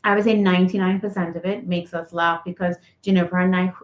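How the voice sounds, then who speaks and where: A woman's voice: lowish voice, flat delivery, fast talker. A woman co-hosting a podcast, chatting casually and filling her sentences with "like". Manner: chatty, heavy use of "like". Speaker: podcast co-host. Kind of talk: casual chat. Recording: echoey, slightly dull remote audio.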